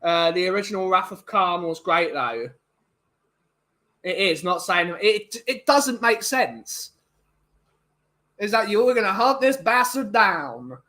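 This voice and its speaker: Guy, young, high bright voice, loose opinionated chat to his viewers. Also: expressive, takes it slowly, pauses often. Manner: rambling, opinionated, many restarts. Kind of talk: casual chat.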